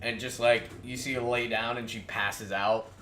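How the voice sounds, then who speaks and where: A man running a tabletop game as game master, narrating in a relaxed way with many filler sounds. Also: mid-range voice, normal speed, noisy background. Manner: relaxed, lots of filler sounds, laughs often.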